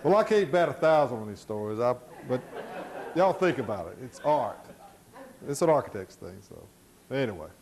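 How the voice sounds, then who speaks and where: A middle-aged man telling folksy stories during an architecture slide lecture, halting with many fillers. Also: medium pitch, big pitch swings, a little mellow. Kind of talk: storytelling lecture.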